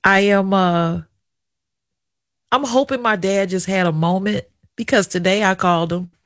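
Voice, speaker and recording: A woman's voice: medium pitch, measured pace, no room sound, clean studio sound. A middle-aged woman hosting a radio talk show, speaking candidly and emotionally in a confiding, chatty way. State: tearful at times. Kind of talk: emotional personal radio monologue.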